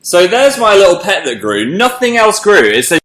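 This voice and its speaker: A man chatting casually to viewers on a live stream, excitable and cooing over a small pet. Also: fairly high pitch, moderate pace, reverberant. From England. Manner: excitable, coos over his pet shrimp. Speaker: livestream host.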